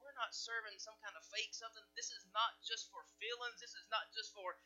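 Male pastor, bright and sharp tone, high voice, slightly dull recording. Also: steady tone, brisk, hardly any pauses. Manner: preaching with swings from loud to hushed. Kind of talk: sermon.

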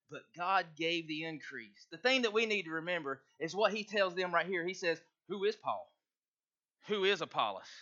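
A pastor, a man, preaches in a folksy, conversational way and reads scripture aloud. His voice sits high and sounds bright. The recording is muffled and lo-fi. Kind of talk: sermon.

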